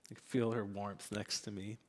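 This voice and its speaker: A young man preaching a sermon as a church pastor, earnest and candid, with light laughs, dropping into soft whispers at tender moments. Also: on the low side, flat delivery, moderate pace, long reverb tail.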